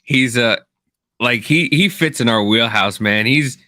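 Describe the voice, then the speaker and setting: A man's voice: medium pitch, measured pace, bright, forceful tone, dry recording, studio quality. A man co-hosting a podcast, telling rambling stories in casual chat, full of restarts and fillers. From Kansas. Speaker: podcast co-host.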